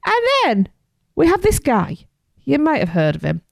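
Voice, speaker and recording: A woman's voice: high voice, wildly swooping pitch, normal speed, gravelly, no echo, clean studio sound. A woman co-hosting a fan podcast, chatting and announcing birthdays in a bubbly way. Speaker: podcast co-host. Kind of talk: casual chat.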